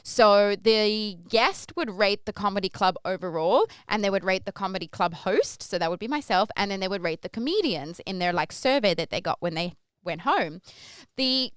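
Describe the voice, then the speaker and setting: A young Australian woman talks through a story at her own pace, rambling a little and full of asides. Her voice is very smooth and resonant, with no room sound around it. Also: mid-range voice, normal speed, no echo. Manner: chatty, rambling, lively when acting out her stage intros. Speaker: podcast host. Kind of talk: casual storytelling.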